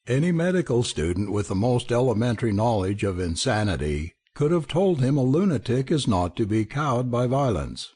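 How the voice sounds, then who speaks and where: A man narrating an audiobook in a measured, expressive way. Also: medium pitch, breathy edge. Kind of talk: scripted narration.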